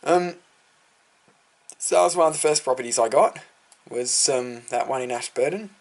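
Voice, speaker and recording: Speaking at a normal speed in a mid-range voice, an Australian-accented teen tells the story of launching his lawn care business in a casual vlog. He's filler-heavy, rambling and easily drawn off topic.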